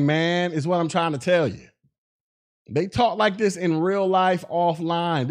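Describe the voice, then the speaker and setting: A man hosting a podcast, speaking in with blunt, mocking commentary and laughing at his own jokes. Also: on the high side. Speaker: podcast host. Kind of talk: casual commentary.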